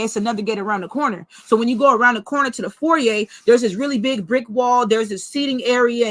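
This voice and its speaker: A woman vlogger telling a personal story in a blunt, profane, animated way. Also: fairly high pitch, dry recording.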